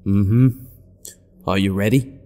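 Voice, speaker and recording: A man voicing a gruff, impatient police captain who talks bluntly and demandingly. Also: on the low side, fairly even intonation, slow, warm tone. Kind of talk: horror story narration voice acting.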